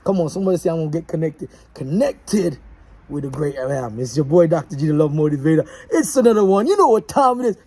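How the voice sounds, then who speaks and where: A man's voice: on the high side, expressive, fast talker, warm tone, breathy edge. A man delivering a preachy, repetitive, rallying motivational message as the host of his show. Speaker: motivational speaker.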